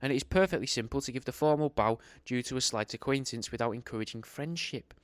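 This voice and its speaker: A man's voice: mid-range voice, fast, no room sound. A young man reading an old etiquette book aloud, breaking off into rambling, sweary, sarcastic commentary.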